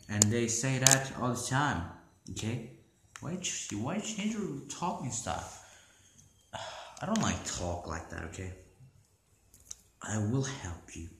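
A man voicing a creepy male monster police officer who mutters in a low, hushed voice. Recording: echoey room with loud noise.

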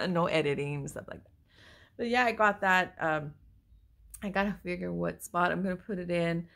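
A chatty, excitable woman with a lowish, gravelly voice, talking at home into a handheld camera. She speaks in a casual haul-vlog way and keeps apologizing as she shows her finds. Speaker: mother showing a thrift haul. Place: at home, indoors. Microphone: handheld phone or camera she moves around.

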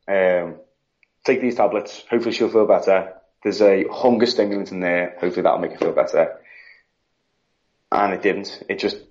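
Grieving man, low voice, lo-fi sound. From United Kingdom. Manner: rambling, retelling with quoted dialogue. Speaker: podcast guest. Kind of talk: casual interview chat. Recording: dull lo-fi audio.

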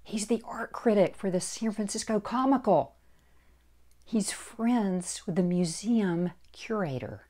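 A woman narrator voicing a female friend who whispers gossip, in a hushed unvoiced whisper, as a whispered role-play in a storybook reading. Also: medium pitch, unhurried, close to an everyday voice. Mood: conspiratorial.

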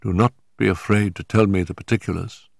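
A man's voice: lowish voice, fairly even intonation, fairly quick, gravelly, no room sound, studio quality. An older man voicing a composed, strong-willed young woman in a story reading, speaking firmly with a slightly raised voice.

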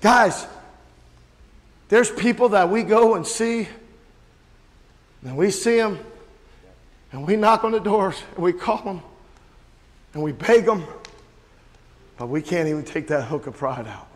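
A man's voice: high voice, animated, measured pace, pauses often. A man preaching a sermon as a pastor, telling stories and calling out to the congregation. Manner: storytelling preacher who shouts out quoted voices. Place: church sanctuary. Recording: long reverb of a large hall.

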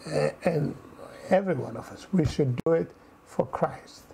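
Male preacher, fairly high voice with gravelly fry, earnest and repetitive, sermon delivery. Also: animated, normal speed, warm tone, a little hiss or hum, poor audio. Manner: earnest, repeats phrases, frequent "you know" fillers.

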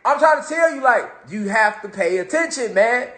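A man's voice: extremely high pitch, expressive, normal speed, a bit bright. A man giving a casual motivational monologue on spirituality, talking in street slang and repeating phrases for emphasis. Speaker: spiritual talk host. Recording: echoey room.

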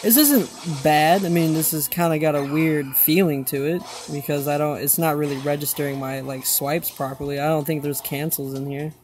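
A young man giving casual, excitable commentary while playing a mobile game, swearing now and then and saying "dude" a lot. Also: a little high, a little fast, few pauses, slight background noise. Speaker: gaming channel host. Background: game music.

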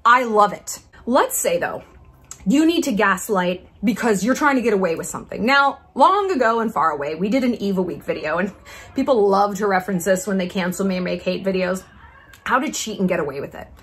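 A woman's voice: mid-range voice, expressive, a little fast, a bit bright, slightly rough. A woman in her thirties hosting a casual talk video, brash and profane, dripping with sarcasm and mock-sweet patronizing asides. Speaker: YouTube commentary host. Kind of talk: casual monologue to camera.

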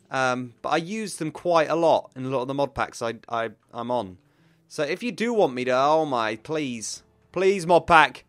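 Young male gaming YouTuber, playful and sing-song, animated pitch, dry booth sound. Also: no echo. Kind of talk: Minecraft let's play commentary.

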